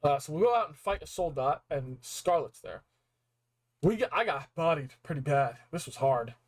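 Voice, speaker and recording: A young man with a fairly high voice recaps a video game story. He is excited and casual, with lots of slang and acted-out reactions. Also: moderate pace, low-quality recording. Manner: animated, slangy, acts out reactions. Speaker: game reviewer.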